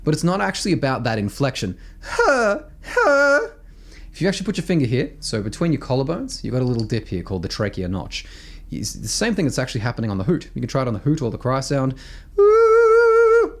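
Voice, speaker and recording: An Australian man teaching voice technique, explaining exercises in an animated, emphatic way and often checking in with "right?". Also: mid-range voice. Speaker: vocal coach. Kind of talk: instructional explanation with sung demos.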